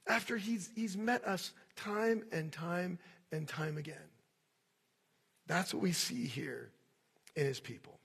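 A man pastor preaching a sermon in an animated way, acting out the voices of complainers. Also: high voice, slow, gravelly, husky.

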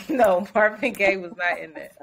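A young woman co-hosting a podcast, chatting casually in an animated, gushing way with frequent laughter. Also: medium pitch, vocal fry. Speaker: podcast co-host. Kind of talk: casual chat.

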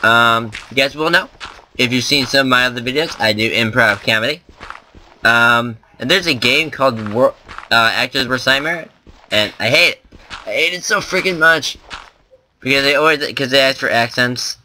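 A man hosts his own gameplay video, chatting casually as he plays. His voice is very bright and cutting, sitting at an ordinary pitch for a man. He rambles and thinks out loud, filling gaps with ums and likes. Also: moderate pace, slight background noise. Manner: rambling, thinks aloud with many fillers. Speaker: let's play host.

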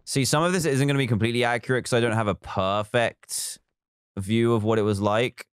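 A man's voice: mid-range voice, fairly even intonation, a little fast, smooth, dry recording, clean studio sound. A man live streaming a building game, chatting casually, reading viewer comments aloud and counting blocks as he works.

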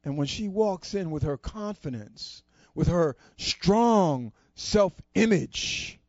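High-pitched guy telling an inspiring story, lots of pauses, muffled dry lo-fi sound. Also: no echo. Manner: expressive, deliberate pauses. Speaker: storyteller at a society program. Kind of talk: motivational storytelling. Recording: dull lo-fi dry recording.

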